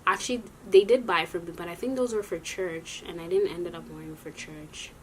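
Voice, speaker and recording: A young adult woman telling a story in a casual vlog, rambling and animated, often correcting herself as she goes. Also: on the low side, brisk, slight background noise. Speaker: vlogger.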